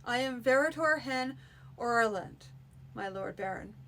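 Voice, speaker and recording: A woman's voice: on the high side, animated, unhurried, fairly bright tone, a little hiss or hum. Brief: proud male priest in a storybook reading, unyielding tone; woman reader voices him. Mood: righteous. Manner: righteous, unbending.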